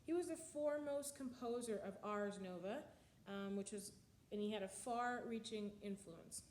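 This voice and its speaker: Lady teacher going over slides, lots of ums, counts and hums beats out loud, bit high voice, roomy echo. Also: slight background noise. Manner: explanatory, with frequent ums and sung counting of beats. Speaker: music history teacher. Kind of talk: recorded slide lecture.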